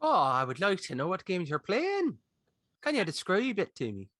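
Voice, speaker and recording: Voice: mid-range voice, huge pitch swings, normal speed, no room sound. A player voicing a chatty travelling trader. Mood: friendly. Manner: warm, chatty in character. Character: cheerful travelling trader and teacher.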